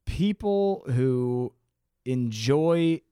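A man's voice: mid-range voice, lively intonation, drawn-out words, dark tone, smooth, no echo, studio quality. A man co-hosting a podcast, reading a fairy tale aloud in a casual, swearing, joking way. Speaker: podcast co-host. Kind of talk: casual storytelling chat.

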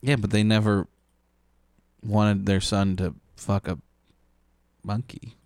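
Low-voiced wisecracking man co-host. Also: flat delivery, slow pace, darkish tone, dry recording, clean studio sound. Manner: wisecracking, crude one-liners. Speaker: podcast co-host. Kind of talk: casual comedic chat.

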